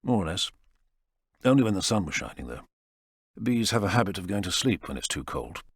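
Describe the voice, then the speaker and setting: A man voicing a calm, enigmatic hospital doctor who speaks in a clinical, understated way. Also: low-pitched, fairly quick, slightly rough, no echo, clean studio sound, heavily acted. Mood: measured.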